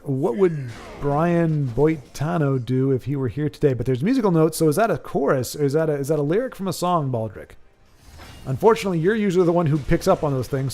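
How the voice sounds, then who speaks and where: Brief: rambling, joking male streamer reading chat, somewhat high voice. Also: darkish tone. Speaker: live stream host. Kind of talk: casual live-stream chat.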